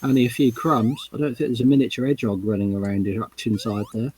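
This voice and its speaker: A man reading aloud and voicing a cheeky young male sidekick with a put-on Cockney accent, chummy and excitable. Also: medium pitch, fast, breathy edge, natural voice. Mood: excited. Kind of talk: storybook read-along.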